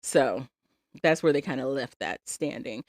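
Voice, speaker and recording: A woman's voice: extremely low pitch, animated, unhurried, a little mellow, no room sound, clean studio sound. A woman co-hosting a podcast, recapping reality TV in casual, opinionated and sarcastic chat. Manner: opinionated, sarcastic, laughs often. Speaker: podcast co-host.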